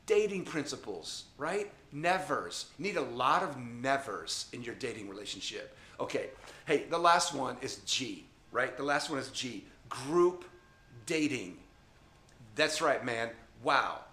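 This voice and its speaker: A man's voice: mid-range voice, expressive, measured pace, pushed and bright, roomy sound. A middle-aged man teaching young people about dating in an emphatic, repetitive way, often checking in with "okay?". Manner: emphatic, repetitive, addresses listeners directly with frequent "okay?". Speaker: youth ministry speaker. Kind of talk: informal teaching talk to a camera.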